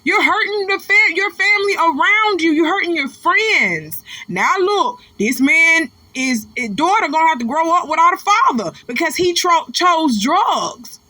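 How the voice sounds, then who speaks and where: A woman's voice: very high voice, expressive, measured pace, few pauses, bright, forceful tone, no echo. A woman hosting her own commentary channel, ranting bluntly and profanely in a casual, preachy way.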